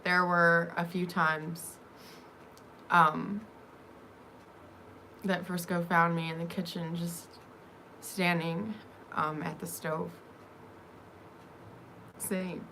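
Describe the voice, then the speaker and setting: A woman vlogger telling a personal story in a halting way, with many pauses and fillers. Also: on the low side, flat delivery, sharp tone, slight background noise.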